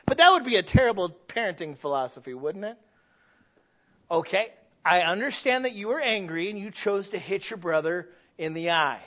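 A man's voice: sits high, animated, normal speed, a bit bright. A man preaching a sermon as pastor, talking in a conversational but emphatic way with frequent restarts. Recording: dull lo-fi sound.

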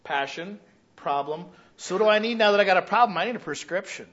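A man pastor preaching a sermon in a church, animated, asking questions aloud and acting out what people say. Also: high-pitched, fast talker, lo-fi sound. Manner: animated preaching, acting out quoted voices, shouts rhetorical questions.

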